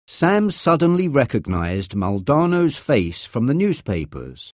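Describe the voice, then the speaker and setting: A man reading a story aloud in a clear, expressive audiobook style. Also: mid-range voice, a little slow, hardly any pauses, no room sound, studio quality. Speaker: narrator.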